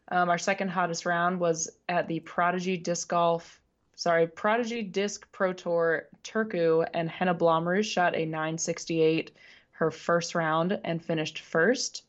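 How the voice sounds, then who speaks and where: Her lowish voice stays fairly even and unhurried, though the recording sounds muffled. As a podcast co-host in a relaxed sports conversation, she laughs a lot and occasionally trips over names.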